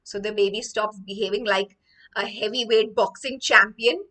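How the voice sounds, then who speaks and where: A woman's voice: mid-range voice, steady tone, moderate pace, sharp tone, recorded from a distance, rough recording. A woman teaching English vocabulary through a story, explaining each line after she reads it.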